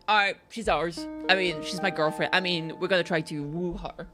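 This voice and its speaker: A woman's voice: on the low side, fairly even intonation, normal speed, hardly any pauses, sharp tone. A young woman streaming a game, swearing freely and joking bluntly as she plays. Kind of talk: casual gameplay commentary. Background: game music.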